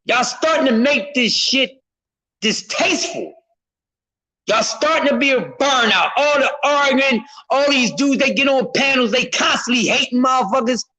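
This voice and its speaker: A man on a live stream, ranting about boxing in a loud, profane, repetitive way, often shouting and addressing his chat. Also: extremely high pitch, moderate pace, low-quality recording. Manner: speaks to a chat member by name. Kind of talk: heated live-stream rant.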